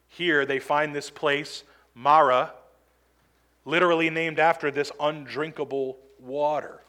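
A man's voice: a little high, fairly even intonation, a little slow, long pauses, bright, forceful tone. A man preaching a sermon as pastor, earnest and emphatic, acting out quoted complaints now and then.

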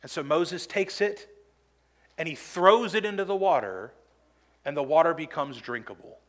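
A man's voice: fairly high pitch, animated, moderate pace. A man preaching a sermon as pastor, earnest and emphatic, acting out quoted complaints now and then.

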